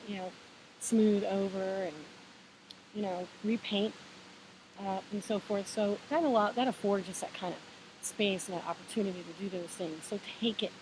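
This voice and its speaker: A woman at home talks in a loose, unhurried monologue about spiritual balance, full of fillers and self-corrections. Her voice sits at a middling pitch. A clear, constant hiss runs under the whole recording. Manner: relaxed, meandering, encouraging, many fillers and restarts. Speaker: vlogger sharing spiritual advice. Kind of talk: casual reflective monologue.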